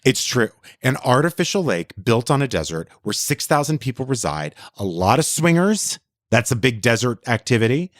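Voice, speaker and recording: A man's voice: mid-range voice, very animated, normal speed, no room sound, clean studio sound. A man co-hosting a podcast in casual chat, telling stories with campy, dramatic flair. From Texas. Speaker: podcast co-host.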